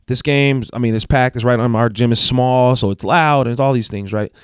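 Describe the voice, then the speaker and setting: A man's voice: mid-range voice, fairly quick, smooth, no room sound, studio quality. A man who coaches basketball, telling a story in casual chat, rambling with restarts and self-corrections. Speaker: guest, basketball coach and athletic director.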